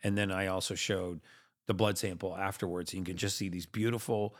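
A man's voice: deep voice, fairly even intonation, a little fast. A man explaining blood under a microscope in a dental office, his mouth numb and stuffed with gauze. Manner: explaining steadily, lecture-like. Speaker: host, patient. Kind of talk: conversational explanation.

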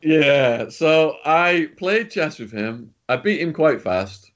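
A man's voice: fairly high pitch, lively intonation, takes it slowly, a bit bright, dull audio. Blunt man telling stories. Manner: blunt, swears freely. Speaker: guest, former prisoner and author. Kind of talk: casual storytelling.

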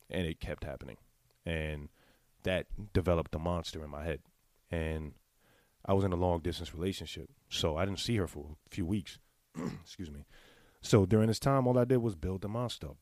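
A man in a casual, candid monologue, talking straight to his viewers in blunt, profane slang and clearing his throat now and then. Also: low-pitched, warm tone, no room sound, clean studio sound. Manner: confessional, speaks to the audience directly. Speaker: vlogger giving sex advice.

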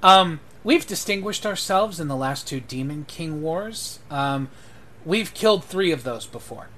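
A man's voice: a little high, animated, unhurried, a bit bright, slight background noise. A man voicing a friendly male demi-elf mercenary envoy who talks in an affable, slightly hesitant way.

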